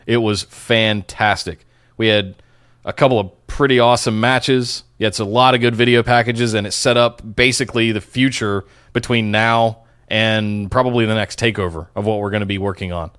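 A man's voice: lowish voice, fairly even intonation, moderate pace, fairly bright tone, smooth, no echo, studio quality. A man co-hosting a casual wrestling talk show, opinionated yet often hedging his verdicts. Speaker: podcast co-host.

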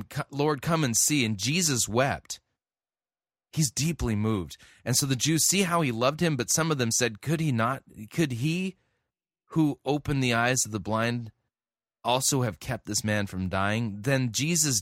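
This is a man giving a sermon at an ordinary middle pitch. He reads scripture and then breaks off to explain it, earnest and halting, with many restarts. The sound is dry and close, with little room echo. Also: a bit bright. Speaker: pastor. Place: church.

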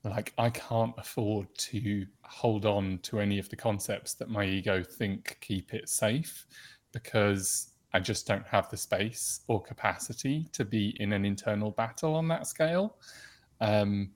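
A man chats on a podcast in a fairly low voice, reflective and quick to laugh. He draws out his phrases as he talks. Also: steady tone. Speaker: podcast co-host. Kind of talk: casual chat.

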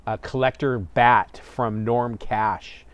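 A man co-hosting a relaxed podcast, talking in an easy, jokey way. His pitch sits in an ordinary middle range, and he keeps the conversation light and friendly. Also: takes it slowly. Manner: jokey, slips into playful put-on old-timey voices. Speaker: podcast co-host. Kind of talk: casual chat.

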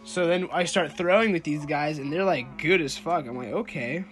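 A man's voice: a little high, moderate pace, faint music behind. A teenage boy hosting his own podcast, telling a story in a rambling, casual way, full of "like" and swearing. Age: teens. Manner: rambling, loose and profane, heavy on "like". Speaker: podcast host.

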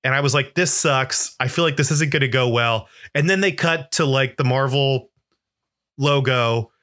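A man's voice: mid-range voice, moderate pace, a bit bright. A man in casual film discussion chat, rambling with lots of "like" fillers and getting emotionally worked up. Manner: swears when worked up. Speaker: podcast co-host.

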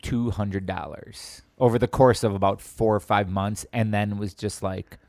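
A man's voice: on the low side, measured pace, no room sound. A man co-hosting a casual chat, telling stories and acting out the people he quotes. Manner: animated, acts out quoted voices.

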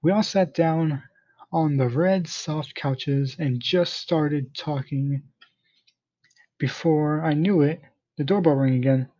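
A man reading a first-person story aloud in a plain, steady manner, in a dull lo-fi recording. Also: on the high side, slow.

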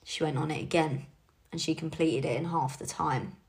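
A woman's voice: deep voice, steady tone, normal speed, creaky. A young woman leading her team in a casual motivational talk, chatty and encouraging, with frequent fillers. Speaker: team leader.

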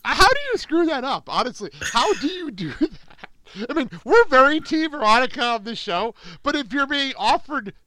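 A man's voice: very high-pitched, normal speed, no room sound, low-quality recording. A man co-hosting a casual movie podcast, joking and laughing often as he talks. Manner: laughs often, jokey and animated. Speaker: podcast co-host.

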